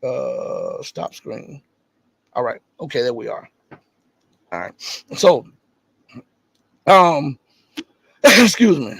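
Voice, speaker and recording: A man with a high, husky voice hosts a live stream from his home setup. He reads viewer chat and comments on it with emphatic, rising stresses, and turns low and offhand between points. The sound is dry and close. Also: wildly swooping pitch, extremely slow, long pauses, a bit bright, no room sound. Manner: emphatic, rises in pitch to stress points, then drops low and casual reading chat. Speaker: livestream host.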